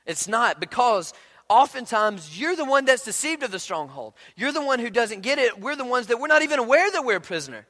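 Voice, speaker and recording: A pastor preaches with a bright, high voice and an animated, chatty delivery. He slips into quoted asides to make his points. The sound carries a long, ringing reverb from a large sanctuary. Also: fairly quick. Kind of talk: sermon. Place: church sanctuary.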